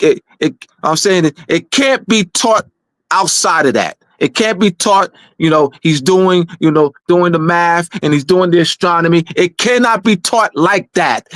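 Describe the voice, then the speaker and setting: In a dry recording, a high-pitched man with a fairly bright tone hammers home his points in a lecture-style talk. He is a weekly talk show presenter, insistent and repetitive, frequently starting over mid-sentence.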